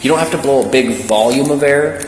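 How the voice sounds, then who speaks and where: A man speaks in a middle-pitched, even voice as a police officer, coaching patiently and reassuringly. He is recorded on a body camera in a booming station room with a constant loud hiss. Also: brisk. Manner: calm, reassuring, step-by-step. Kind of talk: procedural instructions to a detainee. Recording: echoey room with loud background hum.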